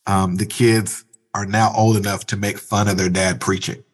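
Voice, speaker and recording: A pastor speaks in a low, slightly husky voice, earnest and reflective as he talks through his thoughts. His tone is conversational, and now and then he leans into animated asides. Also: moderate pace. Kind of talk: conversational interview.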